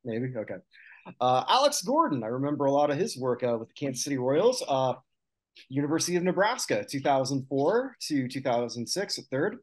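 A man co-hosting a casual podcast chat, reading out lists of names with quick asides. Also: medium pitch, very animated. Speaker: podcast co-host.

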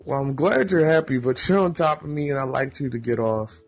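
A man voicing a flustered young woman who blurts out startled lines, with a husky tone. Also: mid-range voice, fairly quick, soft background music, lightly acted.

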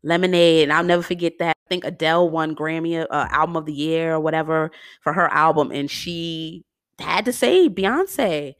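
Woman, lower-pitched, dry sound, casual chat, laughs a lot. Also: moderate pace, no echo. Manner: animated, chatty, laughs often, slangy. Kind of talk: casual monologue.

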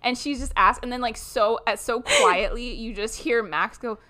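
A woman's voice: on the high side, normal speed, pushed and bright. A young adult woman co-hosting a podcast in casual chat, laughing often and acting out movie lines. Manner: giggly, acts out movie quotes. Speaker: podcast co-host.

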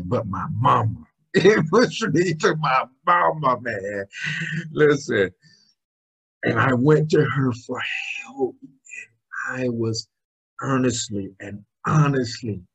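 A man's voice: mid-range voice, husky, rough recording. A middle-aged man, a motivational speaker, telling his personal story in an interview in an emphatic, earnest way.

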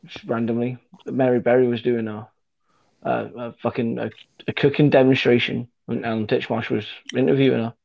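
A man chats loosely with friends, swearing freely and wandering through his story with lots of ums and restarts. His voice is gravelly and a little husky, captured on a dull, lo-fi recording. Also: medium pitch, flat delivery, a little fast. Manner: sweary, rambling anecdote-telling with many fillers. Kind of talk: casual chat.

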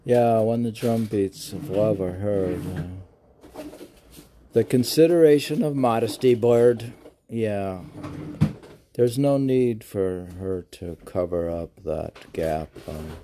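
A man's voice: lowish voice, slow, dark tone, a little hiss or hum. A man hosting a podcast, casually reading poetry aloud and mocking himself in a back-and-forth with his own questions. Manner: self-mocking, argues with himself in question and answer. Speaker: podcast host.

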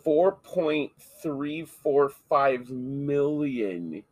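A man's voice: fairly high pitch, lively intonation, extremely slow, a little mellow, no room sound. A man co-hosting a podcast in casual chat, joking crudely and swearing freely. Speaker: podcast co-host.

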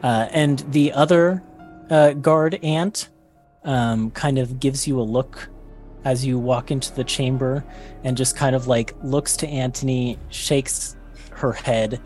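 Slow halting game master narrating. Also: male voice, mid-range voice, fairly even intonation, darkish tone, soft background music. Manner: unhurried, halting, many fillers. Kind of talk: narrating a tabletop role-play.

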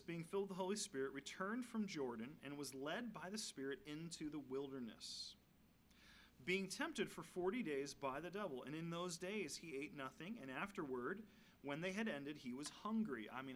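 A man's voice: fairly high pitch, animated, a little fast, fairly bright tone, a little hiss or hum. Man preaching a conversational sermon. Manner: conversational, asides and light humor between readings. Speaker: guest preacher. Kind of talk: sermon with scripture reading.

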